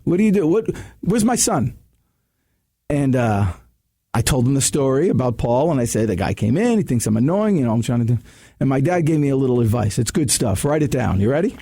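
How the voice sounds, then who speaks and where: A middle-aged man giving sales advice in a radio studio, telling stories in an energetic, emphatic way with quick bursts and restarts. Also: mid-range voice, husky. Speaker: sales coach guest. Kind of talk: casual radio chat, storytelling.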